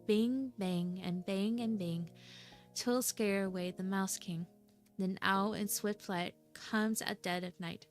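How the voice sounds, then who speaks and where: A woman voicing an old male godfather who chants a slow, grating, monotonous clock song. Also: mid-range voice.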